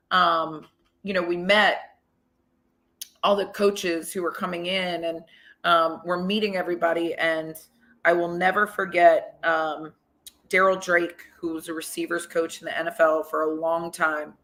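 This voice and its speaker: A woman guest on an interview podcast, a football coach, telling stories in an animated, chatty way with many "like"s and "you know"s. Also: on the low side. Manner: animated, retells conversations with lots of "like" and "you know". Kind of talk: conversational interview storytelling.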